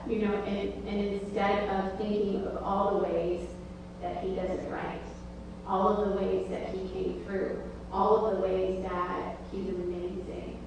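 Pastor's wife talking to the church, earnest, lots of ums, far off mic, super echoey, humming in the background. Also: female voice, medium pitch, little pitch movement, slow, creaky, noisy background. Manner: earnest, with fillers. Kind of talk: speaking at a church meeting.

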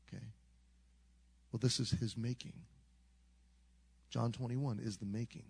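An older man preaching a storytelling sermon, animated, swinging from loud to hushed, with a gravelly voice. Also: mid-range voice, unhurried, long pauses.

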